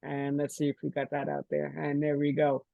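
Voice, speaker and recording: An older man hosts a podcast over a video call, his voice a little higher than most men's. He talks in a friendly, rambling way with many pauses and fillers. The sound is dry and close. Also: monotone, gravelly, no room sound, phone-quality sound. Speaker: podcast host. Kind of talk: casual interview chat.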